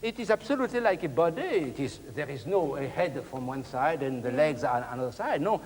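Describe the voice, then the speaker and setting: A man's voice: fairly high pitch, very animated, fairly quick, a little mellow, a little hiss or hum. An older man whose first language is French, coaching a masterclass in broken English, singing phrases aloud and mixing in French words. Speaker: cello teacher. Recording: hall with music playing.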